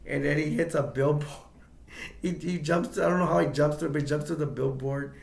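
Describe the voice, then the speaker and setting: A man casually retelling a film's plot as an amateur reviewer, rambling and halting, leaning on "like" and chuckling often. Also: on the high side, fairly even intonation, gravelly, reverberant.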